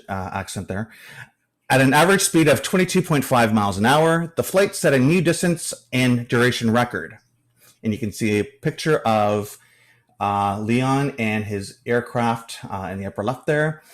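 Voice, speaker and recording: A man's voice: medium pitch, fairly bright tone. A man presenting at an astronomy club meeting, reading through notes with frequent fillers and a few dry joking asides. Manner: hesitant, many fillers.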